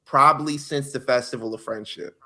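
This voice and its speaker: Podcast co-host, male, mid-pitched, lively slangy recaps of wrestling shows. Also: normal speed. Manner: animated storytelling, acting out quotes with slang. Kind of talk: casual wrestling chat.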